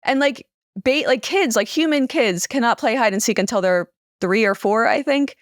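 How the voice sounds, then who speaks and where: A woman neuroscientist explaining her research in a relaxed, casual interview chat. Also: a little high, normal speed, no echo, clean studio sound. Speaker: neuroscientist guest.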